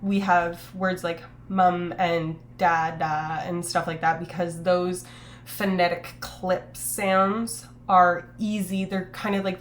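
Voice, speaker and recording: A woman's voice: fairly low pitch, a little hiss or hum. A woman streamer chatting casually on a live stream, rambling with lots of fillers and self-corrections, reading her chat aloud. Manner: reads chat aloud and reacts.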